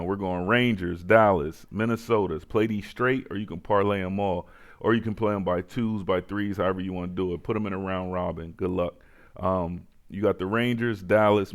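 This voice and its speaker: Host, male, low gravelly voice, laid-back betting picks. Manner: laid-back, talks to viewers, repeats phrases. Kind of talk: casual sports betting picks.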